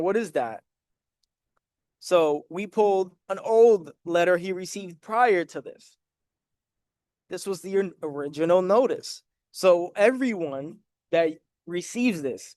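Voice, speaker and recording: With a high, slightly mellow voice and no room sound, the credit and debt educator breaks down debt collection letters on clean studio audio. He walks through the paperwork directly and forcefully, checking in with viewers he calls "guys" and often tacking on "right?".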